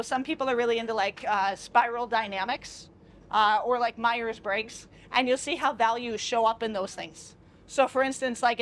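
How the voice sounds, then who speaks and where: A woman's voice: on the high side, a bit bright. A young adult woman leading a workshop on a train in a chatty, informal way, often acting out quoted dialogue. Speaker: workshop facilitator. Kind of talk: casual workshop teaching. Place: train car with a view.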